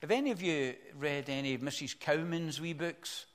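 Delivering a sermon, this older pastor speaks earnestly in a voice on the high side. He builds to emphatic high points, then falls back soft and slow.

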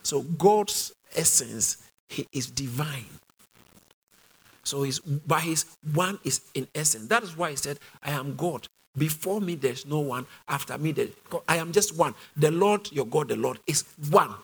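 A man's voice: on the high side, lively intonation, a little slow, breathy edge. A man with a British accent teaching a sermon, driving his points home through repetition and call-and-response questions to the congregation. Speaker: Bible teacher.

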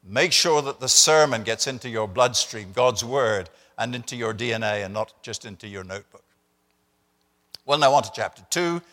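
An older man preaches from the pulpit in a mid-pitched voice, talking to the congregation conversationally and with dry humor. His words ring out through a church with a long, lingering reverb. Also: normal speed, a bit bright. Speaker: visiting preacher. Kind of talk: sermon. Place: church sanctuary.

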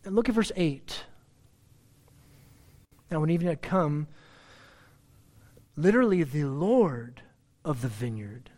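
A man preaching a sermon in a conversational way, often repeating words and restarting, then rising in pitch and loudness to stress a point. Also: lively intonation, slow pace, pauses often. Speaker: pastor.

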